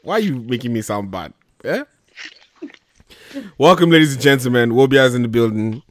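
A man's voice: mid-range voice, animated, moderate pace, slight background noise. A man hosting a casual podcast, playful and teasing, hyping up his listeners. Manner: playful, teasing, hype intro calls. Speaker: podcast host.

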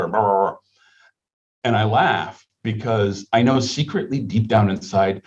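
A man's voice: lowish voice, a little mellow, highs cut off. A man answering interview questions about healthcare in an emphatic, rhetorical manner, repeating his points. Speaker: healthcare leader guest.

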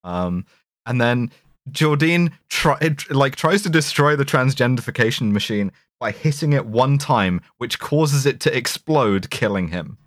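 A man's voice: mid-range voice, lively intonation, unhurried, dry recording, clean studio sound. A man co-hosting a podcast, recapping a film in casual, rambling chat with frequent restarts and swearing. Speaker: podcast co-host.

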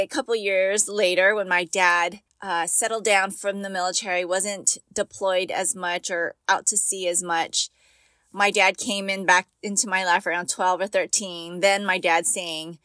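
A woman's voice: fairly low pitch, steady tone, measured pace, sharp tone, no echo. Chatty, encouraging woman podcast host, dry close sound. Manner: chatty and encouraging, laughs often. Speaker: podcast host and mom coach. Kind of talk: casual podcast monologue.

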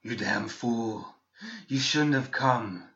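A man voicing a wrathful, fiery, resurrected woman warrior in a slow, harsh, gravelly voice, on a dull lo-fi recording. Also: medium pitch, fairly bright tone. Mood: furious.

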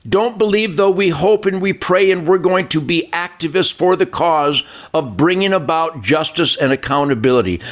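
A man's voice: fairly high pitch, a bit bright. Fiery older man ranting emphatically. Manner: fiery, emphatic, repetitive listing. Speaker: show regular, commentator. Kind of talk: political talk show rant.

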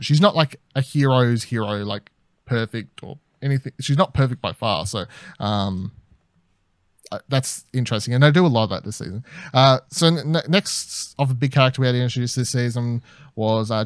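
A man's voice: medium pitch, no room sound. Rambling Australian man, dry sound. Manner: rambling, hesitant, swears casually. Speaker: podcast co-host. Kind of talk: casual review chat.

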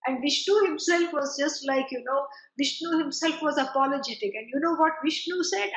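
A woman giving a chatty, digressive spiritual lecture, with quick laughs and asides. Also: high-pitched, fairly bright tone. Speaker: teacher of scripture. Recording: roomy, dull lo-fi recording.

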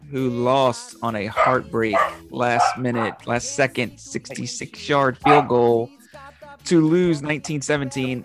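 A man hosting a casual sports chat, reading out matchups and point spreads in a relaxed way with filler ums. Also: mid-range voice. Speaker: podcast host running weekly football picks.

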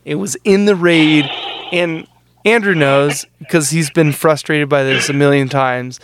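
A man's voice: on the high side, fairly even intonation, a little slow, noisy background. A man in his thirties hosting a podcast, joking and poking fun at himself in casual chat. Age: 30s. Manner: joking, self-mocking. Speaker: podcast host.

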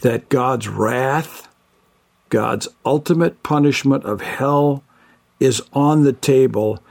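An older man, a biblical scholar, giving measured conversational answers as an interview guest and listing terms one by one. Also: mid-range voice, vocal fry.

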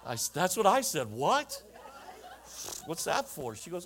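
A man's voice: a little high, huge pitch swings, measured pace, fairly bright tone, a little hiss or hum. A middle-aged man preaching a sermon, telling stories with chuckling asides and rhetorical questions to the congregation. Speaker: pastor.

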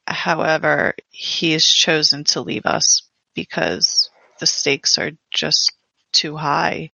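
A woman's voice: deep voice, level tone, takes it slowly, gravelly, bright, forceful tone, dry recording. A woman playing a tabletop game, speaking in character in an earnest, concerned way. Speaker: player.

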